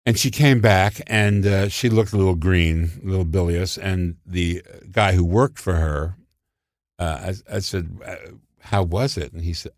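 Laughing frequently and acting out voices, an older male comedy writer tells animated anecdotes. He speaks in a low voice at a measured pace, in a studio-quality recording with no echo.

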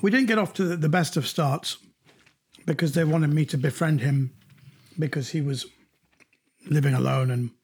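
A middle-aged man telling anecdotes in a chat over a video call from home, animated and laughing as he acts out the people in his stories. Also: fairly high pitch, moderate pace, long pauses, slightly rough. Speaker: guest.

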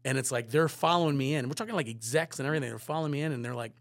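A man telling a rambling anecdote in a dry, close-miked sound. He tells it casually and acts out bits of dialogue. His voice sits at a middling pitch. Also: rapid-fire, gravelly, no room sound. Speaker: photographer guest.

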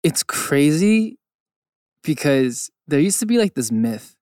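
A man's voice: a little high, very animated, slow, a little mellow, dry recording, clean studio sound. A young man from California co-hosting a podcast, chatting casually with playful, joking banter. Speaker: podcast co-host. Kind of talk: casual chat.

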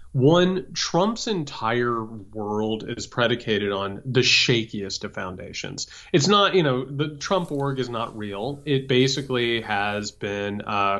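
A man's voice: medium pitch, fairly bright tone. A man co-hosting a political podcast, ranting emphatically with stammered restarts. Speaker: podcast co-host. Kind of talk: political commentary chat.

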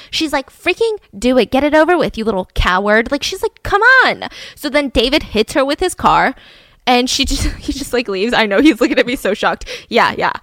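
A woman hosting a casual chat, retelling a story with animated quoted voices and laughs. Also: on the high side, no room sound. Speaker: host.

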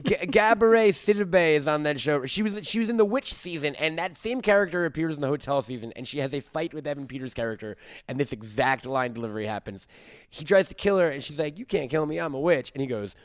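A man with a slightly high voice co-hosts a comedy podcast, rambling and laughing as he tells his stories. The sound is dry and close to the mic. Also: animated, quick pace, no room sound. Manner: rambling, laughs often, quotes people in put-on voices. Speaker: podcast co-host. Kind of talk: casual comedy podcast banter.

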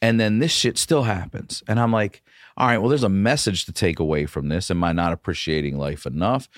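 Man, very low voice, dry close studio sound, swearing storyteller, podcast guest. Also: brisk, no echo. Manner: profane, animated storyteller. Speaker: comedian guest.

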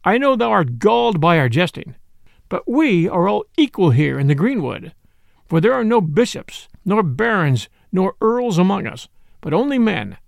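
A man voicing a jolly outlaw leader who speaks with slow, mock-solemn gravity. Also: high voice, sing-song, gravelly, no room sound, clean studio sound, exaggerated voice. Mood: mock-grave.

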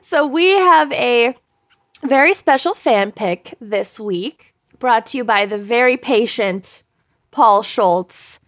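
Woman co-host, higher voice, unhurried and dry, close dead room. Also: expressive, fairly bright tone, no room sound. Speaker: podcast co-host. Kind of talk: casual chat and show intro.

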